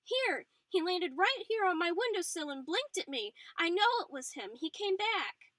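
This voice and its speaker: An excited young girl tells what she just saw, her voice high and eager, as a woman reader puts her on. The sound is bright and dry, close to the mic. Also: normal speed, dry recording, recorded from a distance, heavily acted.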